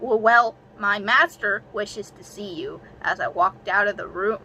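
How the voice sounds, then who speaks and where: A young woman reading aloud a story she wrote as a child, haltingly and with restarts, breaking off for self-mocking, giggly asides. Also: medium pitch, sharp tone, highs cut off, slight background noise. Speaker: reader of her own childhood story.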